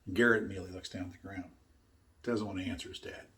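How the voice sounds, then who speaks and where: A man's voice: low-pitched, fairly even intonation, racing, creaky, a bit bright. An older man giving a motivational talk. He tells a story in an earnest, emphatic way and repeats his key points. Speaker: speaker teaching his own method.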